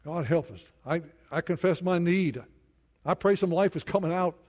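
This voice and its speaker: A man preaching a sermon in an earnest way, dropping to a soft hush when he speaks prayers. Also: high-pitched, normal speed. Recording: dull lo-fi sound.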